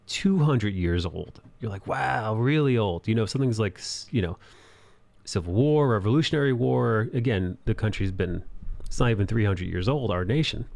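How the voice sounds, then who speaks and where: Man, low gravelly voice, casual live-stream chat, laughs a lot. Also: animated, moderate pace, darkish tone. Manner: chatty and loose, laughing, reading out viewer support. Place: apartment in an old city building.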